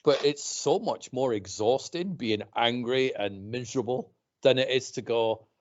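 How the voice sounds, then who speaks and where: A man hosting a casual podcast chat, animated, mocking others by putting on voices. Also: medium pitch, a little slow. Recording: dull lo-fi podcast audio.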